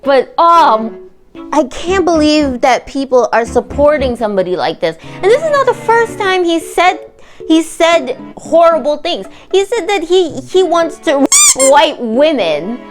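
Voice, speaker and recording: A woman's voice: high voice, big pitch swings, unhurried, soft background music. Heated, sarcastic woman vlogger. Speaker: reaction channel host. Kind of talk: angry commentary vlog.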